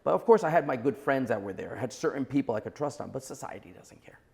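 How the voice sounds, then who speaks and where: A man in his forties speaks as a podcast guest, forceful and blunt in his opinions. His voice carries a heavy gravelly rasp throughout, at a middle pitch for a man. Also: animated, quick pace. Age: 40s. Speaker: entrepreneur guest. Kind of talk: podcast interview.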